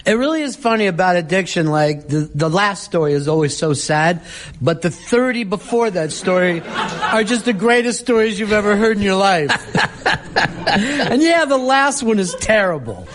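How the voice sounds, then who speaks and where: A male interview host with a notably high voice, chatting easily and wryly with his guest. He backs the guest's stories up and adds his own. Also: animated, moderate pace, fairly bright tone. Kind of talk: casual interview chat.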